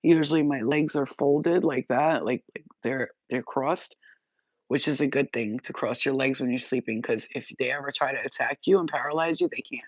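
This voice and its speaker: A woman telling spiritual stories in a casual, animated and profane way, often laughing. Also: rumbling low, normal speed, husky, no echo, highs cut off. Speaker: spiritual vlogger. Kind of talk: casual storytelling.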